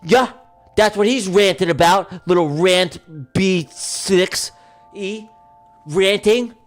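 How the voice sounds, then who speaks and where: A man hosting a livestream giveaway, calling a mock race in a joking, excitable way that bursts into shouts. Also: sits high, takes it slowly, faint music behind. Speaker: livestream host running a giveaway. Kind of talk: mock race-caller commentary.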